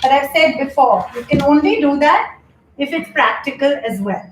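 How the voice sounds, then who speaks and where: A woman's voice: sits high, lively intonation, moderate pace, a little hiss or hum. A woman hosting a live-streamed yoga class from home, chatting openly with viewers, reading their comments aloud, and cueing stretches. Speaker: yoga instructor and show host. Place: home room. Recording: echoey room with faint background ambience.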